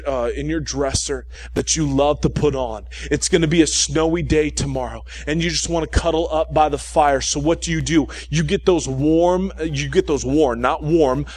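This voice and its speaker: A man preaching a sermon in an animated way, mixing humorous everyday stories with repeated key points and frequent "okay?" check-ins with his listeners. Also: on the high side, no room sound. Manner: humorous storytelling asides.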